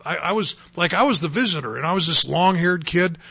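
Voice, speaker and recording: A man shares his personal testimony in an earnest, storytelling way, now and then pushing into emphatic bursts. His voice sits a little high and bright, with a gravelly, husky edge. The sound is dry and close, with no room around it. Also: expressive, fairly quick, no room sound. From North Dakota. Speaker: testimony speaker.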